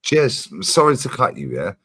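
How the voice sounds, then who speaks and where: A man hosting a casual livestream chat, animated and emphatic, swearing freely and repeating his points. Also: medium pitch, normal speed, slightly rough. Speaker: streamer host.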